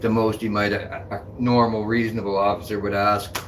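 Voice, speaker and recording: A man's voice: lowish voice, flat delivery, fairly quick, a little hiss or hum. A man co-hosting a casual talk stream, speaking indignantly and repeating his points. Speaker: co-host. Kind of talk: casual chat.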